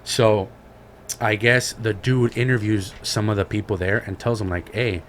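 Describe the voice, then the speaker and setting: A man's voice: lowish voice, normal speed, slight background noise. A man co-hosting a podcast, retelling a story in casual chat with slang and swearing. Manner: slangy, profane, animated retelling. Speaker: podcast co-host.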